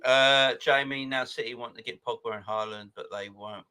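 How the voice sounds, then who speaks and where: Excitable forty-year-old man. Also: mid-range voice, moderate pace, smooth. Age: 40s. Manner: excitable, laughs often, greets viewers by name. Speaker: football fan channel host. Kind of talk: casual live chat reading viewer comments.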